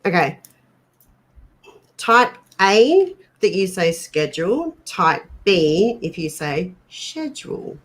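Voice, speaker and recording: An Australian woman with a fairly low voice co-hosts a paranormal livestream, speaking slowly but very animatedly. She chats casually and banters playfully with viewers.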